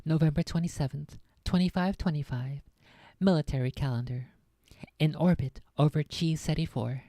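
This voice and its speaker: A woman's voice: low voice, normal speed, mellow, no room sound. A woman streamer reading a science fiction novel aloud, breaking off now and then for chatty, laughing asides.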